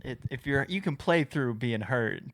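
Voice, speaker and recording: A woman's voice: very deep voice, expressive, normal speed, slight background noise. A woman co-hosting a podcast in casual chat, teasing and playing with words. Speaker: podcast co-host.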